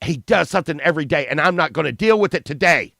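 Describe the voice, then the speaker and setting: A man voicing an angry middle-aged woman teacher who yells in exasperation. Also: fairly high pitch, animated, fast talker, vocal fry, no room sound, clean studio sound, voice pushed up, exaggerated voice. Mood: shrill, fed up. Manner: yelling, exasperated.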